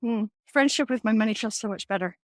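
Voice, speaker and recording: A woman's voice: on the high side, quick pace, no echo, clean studio sound. A middle-aged woman hosting a casual faith-based talk, telling stories with animation and acting out the voices she quotes. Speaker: host.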